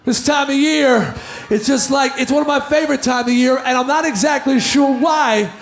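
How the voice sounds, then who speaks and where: A man's voice: extremely high pitch, normal speed, vocal fry. A man from the New York area telling a brash, joking story on a live stage between songs. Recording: roomy live venue with faint music.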